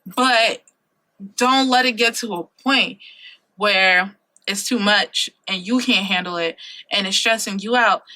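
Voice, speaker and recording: A woman's voice: mid-range voice, pushed and bright. A woman in her late twenties giving earnest life advice in a casual vlog, repeating her key points for emphasis and tossing in slangy asides. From Ohio, USA. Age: late 20s. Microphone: compact camera mic.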